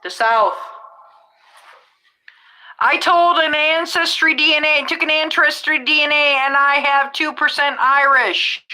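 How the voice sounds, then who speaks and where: A woman's voice: sits high, little pitch movement, normal speed, hardly any pauses, sharp tone, poor audio. A middle-aged woman, a rideshare driver, hosting a podcast in a casual, rambling way, often restarting her sentences. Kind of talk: casual chat.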